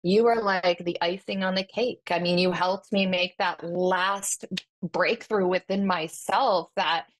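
Earnest woman coach, lower voice. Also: fairly even intonation, a little slow. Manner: earnest and effusive, inspirational phrasing. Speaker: podcast guest and wellness coach. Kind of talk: casual podcast chat.

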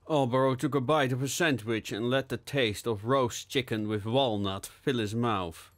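A man narrating a steampunk novel in a measured storytelling manner. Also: on the low side, fairly bright tone. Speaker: audiobook narrator. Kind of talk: scripted narration.

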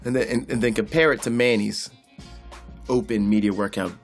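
A man doing loud, profane, comedic boxing commentary in a vlog, laughing often and calling out like a preacher. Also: lowish voice, fairly even intonation, moderate pace, faint music behind. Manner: boisterous, profane, laughs a lot, preacher-style call-outs. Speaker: boxing vlogger.

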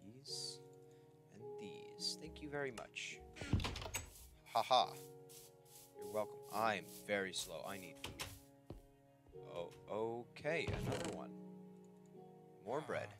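Excitable man narrating his gameplay. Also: fairly low pitch, slow, pauses often. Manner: excitable, talks to the creatures on screen, yelps in panic. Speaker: gameplay commentator. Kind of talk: casual let's-play commentary. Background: game music.

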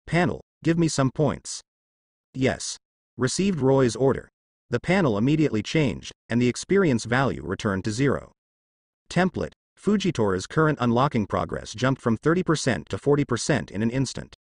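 A man narrating translated fan fiction as an audiobook, in a steady storytelling manner. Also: mid-range voice, normal speed, no echo, studio quality.

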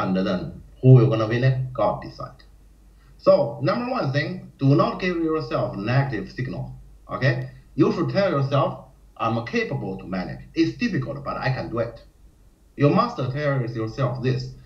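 A man teaching a Go lecture in non-native English, often acting out panicked players in a high voice. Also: darkish tone. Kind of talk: live-streamed lecture. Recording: roomy, dull lo-fi stream audio.

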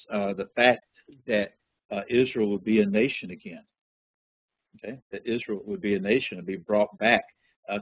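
Husky-voiced man teaching over a phone line. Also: on the low side, no echo. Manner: relaxed, conversational teaching with frequent fillers. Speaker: Bible study teacher. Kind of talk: interactive Bible lesson.

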